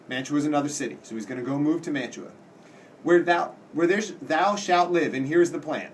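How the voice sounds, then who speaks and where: A man giving a casual lecture as a teacher, explaining in plain words and reading quoted lines slowly with dramatic weight. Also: a little high, recorded from a distance, slight background noise. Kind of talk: casual classroom-style lecture.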